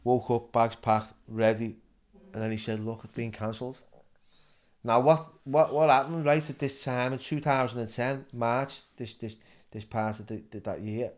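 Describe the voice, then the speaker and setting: A middle-aged man with a Liverpool accent and a mid-range voice tells his story as a guest in a casual interview, stumbling and repeating words along the way.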